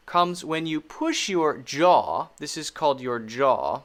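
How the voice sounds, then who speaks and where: An American man gives a pronunciation lesson at an unhurried pace. His pitch rises and falls a lot as he stresses and repeats each sound. He speaks deliberately, like a patient teacher. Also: animated, fairly bright tone.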